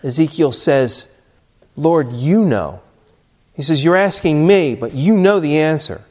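A man preaching a sermon, emphatic, with dramatic drops to a quiet voice on key phrases. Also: fairly high pitch, expressive, normal speed. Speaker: pastor.

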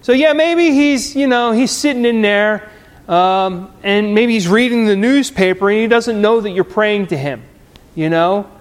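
A man's voice: high-pitched, measured pace. A man voicing a sarcastic male prophet who taunts his rivals, in a long echoing hall. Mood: mocking. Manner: sarcastic, teasing.

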